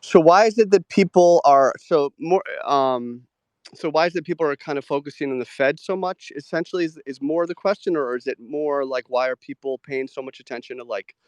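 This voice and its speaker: A man's voice: fairly high pitch, darkish tone, clear, resonant tone, no echo. Chatty male host with a dry sound. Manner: chatty, with many "like" fillers and quick agreeing murmurs. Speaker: host of a live audio chat show. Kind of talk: casual live chat about trading.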